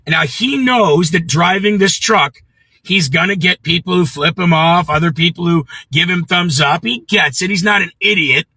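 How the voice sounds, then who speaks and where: Middle-aged Midwestern man, livestream host, profane ranter, very bright slightly high voice. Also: moderate pace, husky, no room sound, poor audio. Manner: blunt and profane, greets viewers by name. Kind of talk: ranting livestream monologue.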